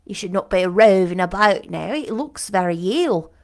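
A woman's voice: mid-range voice, moderate pace, voice pushed down, lightly acted. A woman voicing a blunt, distrustful older woman servant with a country dialect, as an audiobook character. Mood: suspicious.

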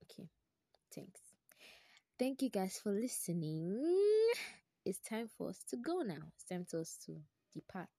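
A young woman with a Nigerian English accent tells a personal story on her podcast. She is animated and exclamatory and repeats phrases for emphasis. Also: medium pitch, unhurried, gravelly, long pauses, dry recording, studio quality. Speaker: podcast host.

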